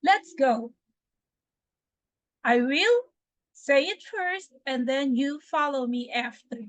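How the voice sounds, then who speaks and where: A woman from the Philippines with a Filipino accent, teaching English pronunciation slowly and deliberately, repeating words for drills. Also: high-pitched, dry recording, poor audio. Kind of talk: pronunciation lesson.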